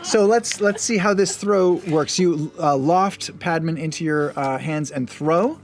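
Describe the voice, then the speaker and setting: A man acting as game master, narrating a tabletop game in a brisk, playful way. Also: a little high.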